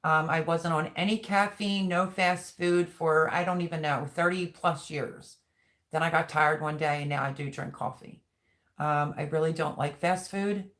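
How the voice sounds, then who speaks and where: A woman's voice: deep voice, steady tone, moderate pace, a bit bright. A middle-aged woman hosting a live stream, chatting casually and rambling as she reads viewer comments aloud. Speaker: livestream host.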